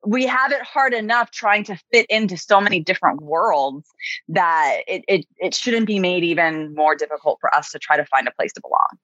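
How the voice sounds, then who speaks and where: A woman's voice: fairly low pitch, lively intonation, moderate pace, fairly bright tone, no echo. A woman guest on a podcast, speaking earnestly and reflectively in casual conversation, with many "you know"s. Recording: muffled, dry remote recording.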